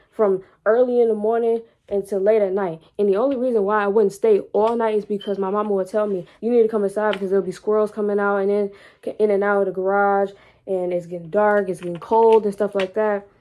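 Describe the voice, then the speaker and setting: Young adult woman, vlogger, candid personal story, informal, repeats phrases, mellow tone. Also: mid-range voice, steady tone, brisk.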